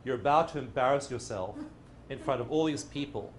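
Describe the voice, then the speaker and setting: A man putting on a little demon of self-doubt, low and muttering, sneering at every hope. It sits dismissive and grumbling, with a faint hiss of noise behind it. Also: a little fast, close to an everyday voice.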